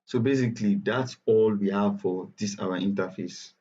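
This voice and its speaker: Nigerian male instructor, low mellow voice, casual and repetitive, dull online-call audio. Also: flat delivery, a little slow. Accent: Nigerian English. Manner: chatty, repetitive, self-correcting. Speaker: bootcamp instructor. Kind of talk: live online tutorial.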